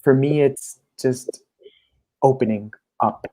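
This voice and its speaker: Animated man talking about coaching. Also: mid-range voice, slow pace. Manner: animated, acts out clients' voices. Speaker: coach, guest. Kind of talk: casual interview chat.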